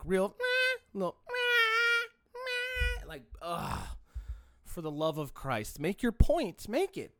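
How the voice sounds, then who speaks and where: A man ranting through a solo podcast monologue, profane and rambling, restarting his sentences often. His pitch swings up and down with lively energy. The sound is dry and close, with no room around it. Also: no room sound. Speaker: podcast host.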